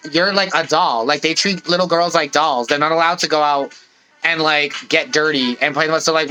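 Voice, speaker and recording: A man's voice: on the high side, pushed and bright, poor audio. A man co-hosting a podcast, explaining things in an earnest, rambling way and often saying "literally.". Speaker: podcast co-host. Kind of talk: casual podcast chat.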